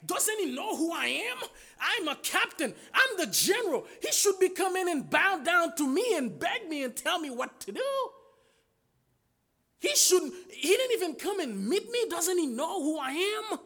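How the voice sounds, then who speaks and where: A man voicing a proud, angry army general who shouts in indignation. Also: very high-pitched, big pitch swings, measured pace, pitched above the performer's own voice, full character voice. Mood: indignant fury.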